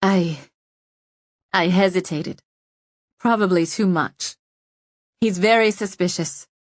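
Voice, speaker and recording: A woman's voice: on the low side, slow pace, no room sound, studio quality. A woman voicing a fierce, vengeful young female poisoner in an audiobook, speaking in an intense, agitated way. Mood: urgent.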